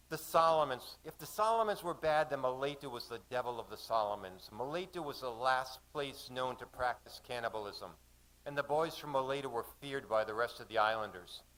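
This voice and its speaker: A man's voice: medium pitch, a bit bright, low-quality recording. Man telling a salty sea story. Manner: vivid narration with voiced dialogue and salty sailor talk. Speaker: poet reading his own story. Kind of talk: live storytelling reading. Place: cafe at a live reading event.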